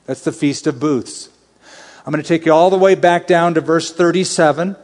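A man's voice: on the high side, moderate pace, darkish tone, big-room sound. A man teaching a Bible sermon in a conversational but emphatic way, building to urgent exhortations. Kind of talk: expository sermon.

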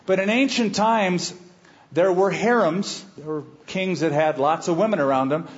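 A man preaching a sermon, reading scripture slowly and with weight, then breaking into conversational asides to the congregation. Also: high-pitched, dull audio. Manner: expository preaching, reads scripture slowly and emphatically. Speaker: pastor.

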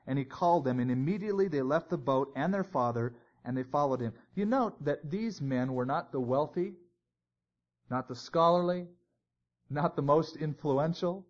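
A man's voice: a little high, lively intonation, moderate pace. A man teaching a Bible sermon in a conversational way, with joking asides. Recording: dull lo-fi recording.

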